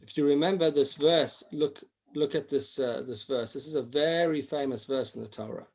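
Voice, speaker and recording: A man's voice: a little high, normal speed, a little mellow, highs cut off. A man teaching a Torah class online, acting out examples and often restarting his sentences.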